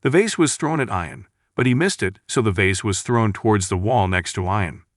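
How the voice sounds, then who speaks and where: Low-voiced man narrating a story. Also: lively intonation, moderate pace, no echo, clean studio sound.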